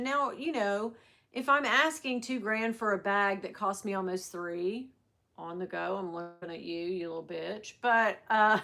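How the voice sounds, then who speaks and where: A woman's voice: fairly high pitch, fairly bright tone. A woman hosting a casual livestream, chatting and venting, swearing freely and greeting viewers by name. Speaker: livestream host.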